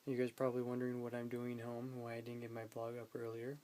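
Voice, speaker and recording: A man's voice: mid-range voice, completely flat delivery, quick pace, mellow, poor audio. A man talking casually to his phone camera at home, rambling through his day with fillers and quoted bits of conversation. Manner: rambling storytelling with fillers, quoting others. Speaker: vlogger. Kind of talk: casual vlog chat.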